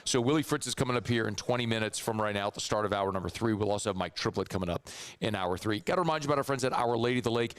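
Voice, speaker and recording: A hoarse man with a Southern accent hosting a sports radio show, chatty and rambling. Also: fairly low pitch, very fast, no echo. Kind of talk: casual sports radio talk. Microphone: studio microphone.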